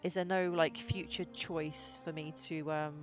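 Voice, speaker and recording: A woman's voice: deep voice, flat delivery, measured pace, music in the background. A woman live-streaming a story game, reading its text aloud and adding wry, laughing asides.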